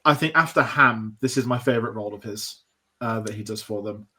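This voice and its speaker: A man's voice: lowish voice, a little fast, pushed and bright. A man co-hosting a film podcast, chatting enthusiastically and rambling with restarts. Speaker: podcast co-host. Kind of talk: casual film discussion.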